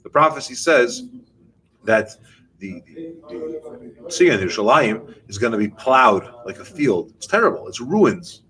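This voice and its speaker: A man teaching a Torah lesson with an animated style, asking questions and answering them himself. His voice sits in the middle range. He speaks directly to his listeners. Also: medium pitch, unhurried, low-quality recording. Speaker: rabbi. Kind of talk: Torah class talk.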